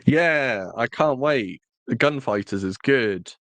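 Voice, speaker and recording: A man's voice: medium pitch, expressive, takes it slowly, a bit bright, no echo. A man co-hosting a podcast in casual chat, rambling and correcting himself with jokes. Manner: rambling, self-correcting, jokey. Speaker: podcast co-host.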